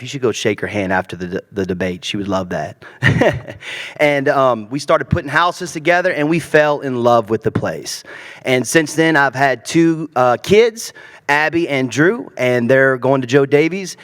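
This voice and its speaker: A man's voice: mid-range voice, a bit bright. A man from Louisiana, his Cajun accent mostly faded, speaking casually at a candidate forum with many fillers and restarts. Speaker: council candidate. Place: large hall, public forum. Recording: long hall reverb.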